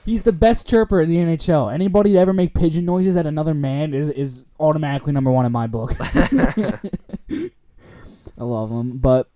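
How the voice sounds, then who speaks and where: A man's voice: fairly high pitch, brisk, mellow. A young man co-hosting a sports podcast, chatting casually, swearing freely and laughing often. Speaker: podcast co-host.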